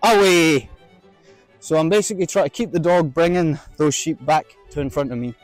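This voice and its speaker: Man shouting herding commands in a field. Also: a little high, soft background music. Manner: shouts drawn-out commands to a dog between explanations. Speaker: sheepdog trainer. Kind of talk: outdoor instructional demonstration. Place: outdoor field with sheep.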